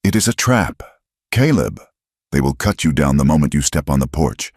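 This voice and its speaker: A man's voice: a bass voice, flat delivery, fast, a little mellow, breathy edge, no echo, clean studio sound. A man voicing a fierce frontier woman in a western audio story, speaking with urgent command. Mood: desperate, pleading.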